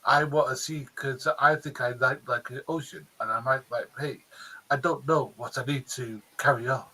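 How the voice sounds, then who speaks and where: A man doing a mocking imitation of a stilted, over-dramatic actor, every phrase dragged out and broken up. The delivery is lower and quieter than his usual bright voice. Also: steady tone, normal speed, slightly rough, rough recording. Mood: droning.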